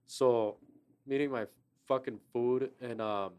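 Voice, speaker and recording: A man's voice: mid-range voice, steady tone, takes it slowly, a little mellow, clear, resonant tone. Casual, profane man from Los Angeles. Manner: profane, storytelling with quoted asides. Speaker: podcast host. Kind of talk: casual chat.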